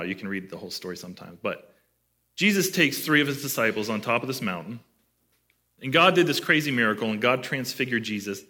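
A man's voice: medium pitch, sharp tone. A man preaching a sermon as pastor, conversational and asking his listeners questions.

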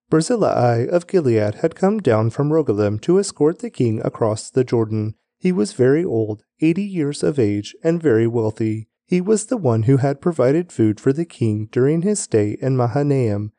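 A man reading scripture aloud in a measured, even delivery. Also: mid-range voice, dry recording. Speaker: scripture reader.

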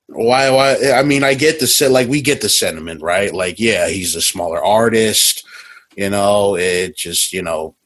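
A man co-hosting a podcast in casual chat, laid-back, reacting with slang and quick asides. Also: lowish voice, fairly bright tone. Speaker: podcast co-host.

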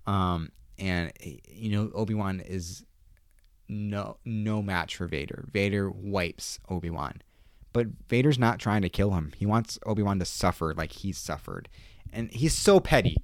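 A man with a deep, low voice talks through a show episode in a casual recap, excited and emphatic, doubling back on his words to hammer points home. The sound is dry and close, with no room around it. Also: measured pace, smooth, no echo. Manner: excitable, emphatic, repeats himself.

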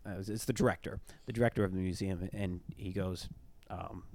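A man's voice: sits low, steady tone, fairly quick, hardly any pauses, darkish tone, dry recording. A young man telling a ghost story in casual podcast chat, rambling, with lots of fillers. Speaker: storyteller, former tour guide.

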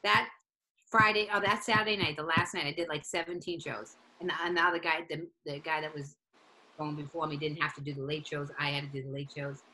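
A woman comedian telling a story in casual chat, animated and profane, acting out each side of it. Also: low voice, brisk, a little hiss or hum. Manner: animated, profane, acts out both sides of a story. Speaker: stand-up comedian, guest.

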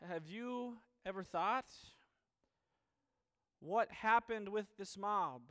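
A man preaching a sermon, earnest, asking the same questions again and again with pauses and restarts. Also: sits high, a bit bright, clean tone.

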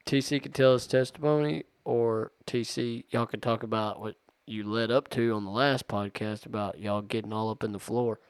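A man's voice: lowish voice, fairly even intonation, normal speed, hardly any pauses, smooth, dry recording. A man hosting a podcast, telling jokes and chatting casually with friends. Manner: joking, chatty storyteller. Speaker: podcast host. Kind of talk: casual chat.

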